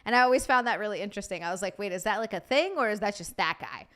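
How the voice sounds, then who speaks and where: A woman's voice: mid-range voice, animated, rapid-fire, a bit bright. A woman co-hosting a comedy podcast, talking frankly and casually with free swearing. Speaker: podcast co-host.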